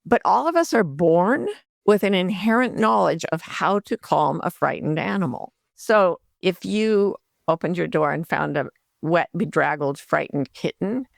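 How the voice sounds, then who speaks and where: Gravelly, gently explaining older woman. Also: fairly low pitch, lively intonation, a little slow, no echo, clean studio sound. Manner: warm, gentle explanations with soft spoken self-talk asides. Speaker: guest, life coach and author. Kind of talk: podcast interview.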